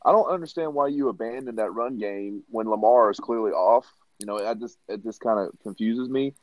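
A man on a sports talk panel, calmly breaking down plays and citing stats. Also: lowish voice, brisk, dry recording, highs cut off. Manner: analytical, stat-citing. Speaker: podcast panelist.

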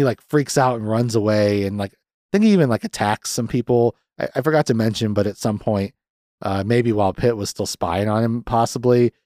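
A man's voice: on the low side, a little mellow, no room sound, clean studio sound. Rambling, sardonic male podcast host. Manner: rambling, profane, sardonic, mimics characters in quick raised voices. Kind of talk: casual film recap.

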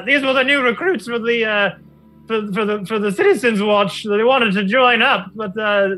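Guy doing a squeaky nervous little gnome, stumbles over every word, bright tone. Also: rough recording. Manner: stammering, apologetic. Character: flustered little male gnome recruiter.

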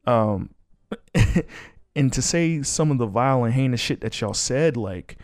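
A man's voice: medium pitch, lively intonation, a little slow, pauses often, no echo, studio quality. A man hosting a podcast on his own, ranting bluntly and casually with plenty of swearing. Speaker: podcast host. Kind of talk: casual solo commentary.

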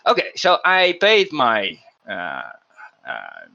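A man's voice: medium pitch, huge pitch swings, slow pace, vocal fry, pushed and bright, dull audio. A man hosting a podcast, telling a story in a casual, emphatic way with frequent restarts. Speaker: podcast host.

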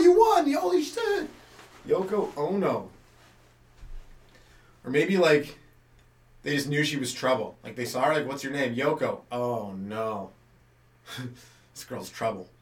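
A man's voice: mid-range voice, far from the mic. A man doing a loose, rambling stand-up monologue as a comedy podcast host, full of fillers and asides. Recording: echoey room, voice off the mic.

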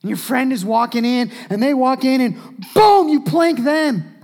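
Animated male preacher, loud to hushed. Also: very high voice, a little slow. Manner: animated, swings from loud shouting to hushed near-whispers. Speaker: pastor. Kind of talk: sermon.

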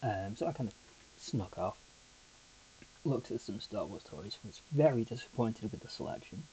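A man's voice: lowish voice, lively intonation, moderate pace, warm tone, a little hiss or hum, rough recording. A man hosting a podcast on his own, telling a rambling, chatty story full of asides. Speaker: podcast host. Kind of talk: casual solo podcast chat.

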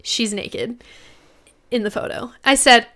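A young woman co-hosting a podcast, telling a personal story in casual chat, animated and swearing, quoting others. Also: a little high, takes it slowly. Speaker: podcast co-host.

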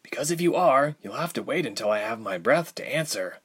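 A man voicing a swift, sharp-tongued young woman archer in an audiobook. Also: mid-range voice, lively intonation, a little fast, slightly rough, pitched above the performer's own voice. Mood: wry.

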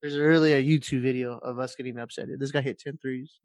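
A young man from California, a podcast guest telling stories in animated casual chat. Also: medium pitch, fairly quick, no room sound.

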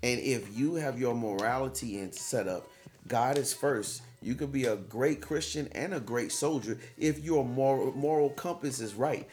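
A man's voice: medium pitch, darkish tone, soft background music. A man on a casual podcast who chimes in with short reactions and then makes his own point. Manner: quick interjections and agreeing reactions. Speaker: podcast co-host. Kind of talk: casual chat.

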